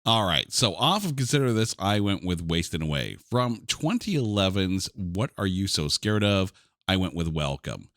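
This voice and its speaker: A man hosting a podcast in casual chat, enthusiastic and animated, with mild swearing. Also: deep voice, normal speed, no room sound, clean studio sound. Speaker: podcast host.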